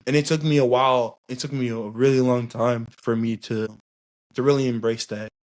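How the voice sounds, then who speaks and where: Candid young man, mid-pitched. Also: steady tone. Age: young adult. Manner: easygoing, candid, halting with fillers. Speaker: podcast guest. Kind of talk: casual podcast chat.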